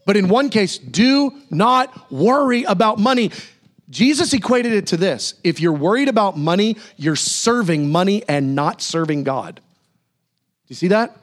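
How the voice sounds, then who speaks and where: A male pastor preaching a sermon, animated, with sudden high exclamations and slow, emphatic repetition.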